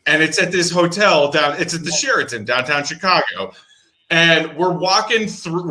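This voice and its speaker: A man co-hosting a sports talk show, telling stories and teasing his friends in casual chat. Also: on the high side. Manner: lively, teasing, quick to jump in. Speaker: co-host.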